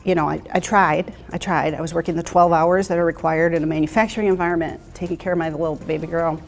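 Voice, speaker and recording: Gravelly, candid middle-aged woman. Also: low voice, steady tone, quick pace. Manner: reflective, candid, with frequent restarts. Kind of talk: interview storytelling. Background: soft music.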